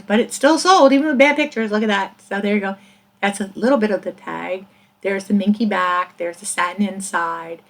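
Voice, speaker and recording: A middle-aged woman chatting casually as a reseller vlogger, rambling and laughing now and then, with hiccups breaking in. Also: mid-range voice. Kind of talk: casual chat.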